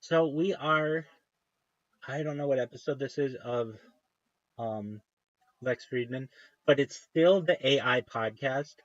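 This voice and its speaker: A man chatting on his livestream, wandering from thought to thought and breaking off mid-sentence with eager enthusiasm. His voice sits at an ordinary middle pitch, close and dry with no room sound. The stream audio is a little dull and lo-fi. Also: slow pace, pauses often, dry recording. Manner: meandering, self-interrupting, enthusiastic. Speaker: livestream host. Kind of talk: casual rambling livestream chat.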